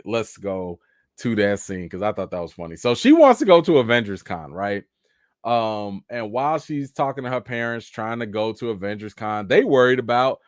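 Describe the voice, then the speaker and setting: A man with a mid-range voice hosts a casual live chat, reading out and answering viewer comments and acting out characters' lines in raised voices. The recording is dry and studio quality.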